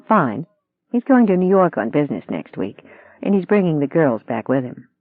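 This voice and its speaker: A reader voicing a young woman lawyer, heated and pleading, in a higher-pitched voice. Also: sing-song, normal speed, no room sound. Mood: teasing. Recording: dry tinny phone-like sound.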